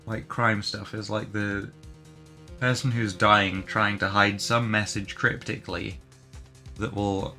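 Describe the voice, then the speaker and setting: A man's voice: lowish voice, flat delivery, slow pace, vocal fry, sharp tone. A man giving casual, rambling let's-play commentary full of fillers between reading game lines. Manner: rambling, filler-heavy asides. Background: game music.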